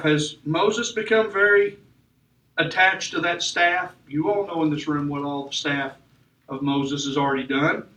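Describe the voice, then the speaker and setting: A man's voice: on the high side, fairly even intonation, unhurried, sharp tone. A man preaching a sermon in a church, with emphatic delivery that rises and falls. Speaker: pastor. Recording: echoey church room from far off.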